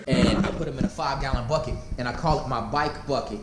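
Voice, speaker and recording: A man's voice: mid-range voice, fast talker, few pauses, roomy sound. A young man with a Southern American accent, casually rambling to his vlog camera at home, recorded on a noisy camera mic. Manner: easygoing, rambling. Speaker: vlogger.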